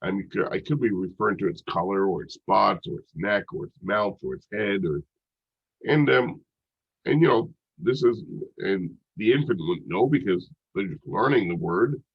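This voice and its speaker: A man's voice: low-pitched, expressive, normal speed, gravelly, breathy edge. A congested man giving a recorded psychology lecture in a casual, rambling way, full of "like" and "you know.". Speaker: psychology instructor. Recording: dull lo-fi recording.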